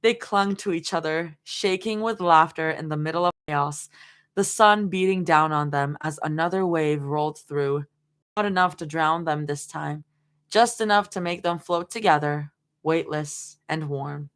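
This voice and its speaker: A woman's voice: sits low, measured pace. A woman reading fan fiction aloud on a livestream, stopping often to laugh and chat with viewers. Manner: giggly, laughs often between lines. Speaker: fanfiction reader on a livestream. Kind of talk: live story reading with chat reactions.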